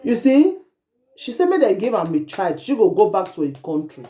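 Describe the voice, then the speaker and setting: A woman's voice: mid-range voice, very animated, moderate pace, mellow. A woman host with a Nigerian accent, giving emphatic commentary in Pidgin and English and repeating phrases as she laments. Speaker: online show host.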